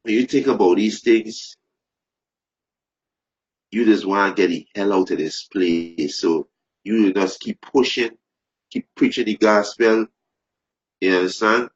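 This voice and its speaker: Man, low voice, fiery preacher, repetitive, stumbling restarts, dull lo-fi sound. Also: a little slow, long pauses. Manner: repetitive, stumbling restarts, rising to shouted emphasis. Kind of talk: impassioned preaching. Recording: dull lo-fi recording.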